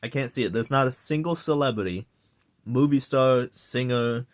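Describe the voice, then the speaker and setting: A young man rants to his viewers in a loose, off-the-cuff way. He swears freely and sounds exasperated, with a sarcastic edge. His voice sits at a middle pitch for a man. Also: moderate pace. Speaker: vlogger ranting. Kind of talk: casual rant to camera.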